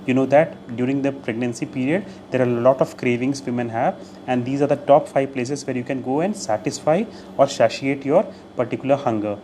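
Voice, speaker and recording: A man's voice: medium pitch, brisk, dark tone, slight background noise. A man teaching English vocabulary in a video lesson, explaining words step by step, repeating key phrases and slipping in short Hindi glosses.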